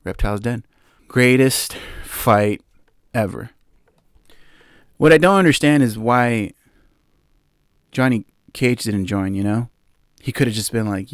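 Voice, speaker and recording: A young man hosting a podcast, retelling a movie's plot in a loose, excited ramble full of fillers and little laughs. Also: mid-range voice, slow pace, long pauses, no room sound, clean studio sound. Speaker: podcast host. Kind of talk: casual movie recap.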